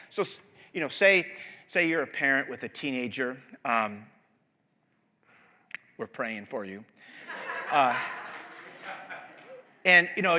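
A male pastor preaching a sermon, animated and emphatic, with frequent restarts and swings between loud and soft. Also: medium pitch. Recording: long hall reverb.

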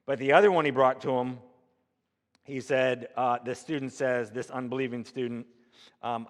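A man's voice: mid-range voice, fairly even intonation, normal speed, big-room sound. A man preaching a conversational sermon from Missouri, asking the congregation rhetorical questions. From Missouri, USA. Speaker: pastor.

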